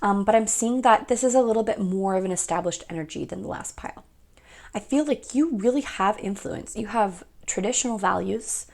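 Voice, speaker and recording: A woman's voice: mid-range voice, a little fast, vocal fry, darkish tone. A young woman giving a casual pick-a-card tarot reading, chatty and rambling, often laughing at herself.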